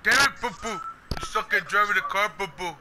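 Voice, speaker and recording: A man's voice: high-pitched, fairly quick, very noisy. A man playing a driving game with a friend, joking around, swearing and repeatedly teasing him in a cartoon-bear style bit. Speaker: gaming channel host. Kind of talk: casual gameplay banter.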